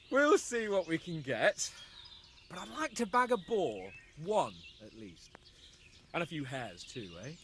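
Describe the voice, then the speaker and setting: A haughty young lord in a video game, talking down to those around him in a lively, bouncing voice that sits fairly high. He sounds brash and mocking, with a faint outdoor hum behind him. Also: slow, long pauses, full character voice. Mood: teasing. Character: haughty young male nobleman, brash and teasing. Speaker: game character.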